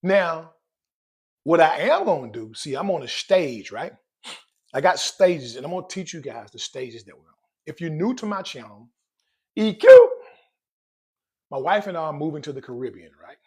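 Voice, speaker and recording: Man hosting a finance vlog: husky, higher voice, jokey and direct with viewers. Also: normal speed. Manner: animated, joking, addresses viewers directly. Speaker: personal finance vlogger. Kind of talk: casual chat to camera.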